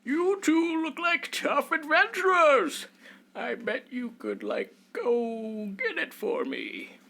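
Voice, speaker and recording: A man's voice: extremely high pitch, big pitch swings, slow pace, creaky, sharp tone, pitched above the performer's own voice, exaggerated voice. A man doing a ditzy valley-girl old wizard. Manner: ditzy, drawling slang.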